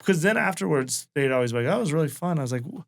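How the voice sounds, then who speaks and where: He is a man from Wyoming, a stand-up comic, swearing freely as he tells stories and acts out the people in them. His voice is gravelly with fry and sits a bit high for a man. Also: lively intonation, rapid-fire. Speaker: guest stand-up comedian. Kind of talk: casual storytelling chat.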